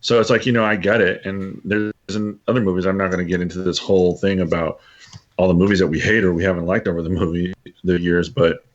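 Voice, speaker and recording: Deep-voiced man musing on films. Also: little pitch movement, dull audio. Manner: musing, rambling, quick to laugh. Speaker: podcast co-host. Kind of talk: casual film review chat.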